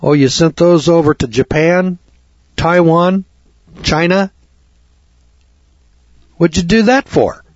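A man's voice: fairly high pitch, slow, long pauses, no room sound. A man hosting a talk radio show, ranting through rhetorical questions and sarcastic asides to his listeners. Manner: sarcastic, addresses audience as kids. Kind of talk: radio monologue. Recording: dull lo-fi radio broadcast.

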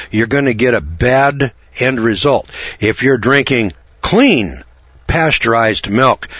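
A man's voice: fairly low pitch, a bit bright, no echo, highs cut off. A man hosting a radio talk show, talking in a folksy, opinionated, rambling way with lots of fillers.

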